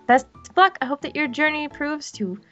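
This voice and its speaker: A woman's voice: high voice, animated, brisk, bright, forceful tone, soft background music, pitched above the performer's own voice. A woman reading out a female professor's lines as she sends off a new trainer in a game. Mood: encouraging. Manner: reading game dialogue aloud, with a swear slipped in. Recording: dull lo-fi recording.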